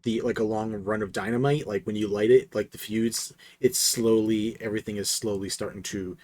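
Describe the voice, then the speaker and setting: A man's voice: on the low side, fairly even intonation, normal speed, darkish tone. A man narrating as game master of a tabletop game, laughing often as he describes the action.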